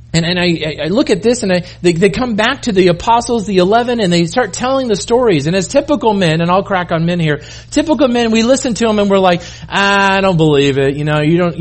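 A middle-aged man with a high-pitched voice delivers a sermon as a pastor. He talks casually, restarting his sentences often, and slips into the voices of the people he quotes. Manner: conversational, self-interrupting, acts out quoted voices.

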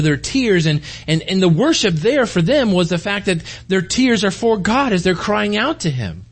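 Man preaching a conversational sermon. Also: high-pitched. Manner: conversational, rambling with restarts, drops to quiet intensity. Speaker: pastor.

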